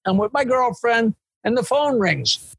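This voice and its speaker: An older man, a comedian telling a story in an interview, animated and digressive. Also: extremely high pitch, unhurried, creaky, slightly rough, no echo. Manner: animated, digressive storytelling with swearing and quoted voices. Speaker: comedian, guest.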